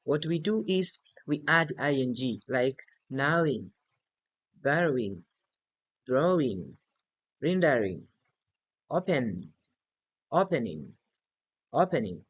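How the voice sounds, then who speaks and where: A man's voice: medium pitch, very animated. A man teaching an English grammar and pronunciation lesson, repeating each word several times to model its stress. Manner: slow and deliberate, repeats words many times to model stress. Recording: slightly dull lo-fi recording.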